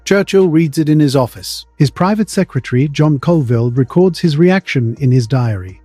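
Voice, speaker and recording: A man's voice: a little high, lively intonation, normal speed, dark tone, husky, no echo, faint music behind. A man narrating a dramatic history story in the present tense.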